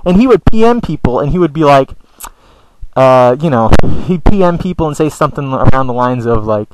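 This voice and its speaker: A man's voice: medium pitch, animated, a little fast, noisy background. A man ranting in a video blog, stammering and repeating words, swearing often, with an aggrieved, whiny tone. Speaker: video blogger. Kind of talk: ranting vlog monologue.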